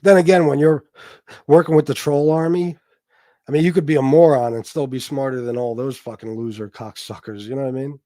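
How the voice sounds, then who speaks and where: A man's voice: mid-range voice, fairly even intonation, a little fast, dark tone, no room sound. A man hosting a livestream, ranting casually in a profane, boastful, taunting way. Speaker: livestream host.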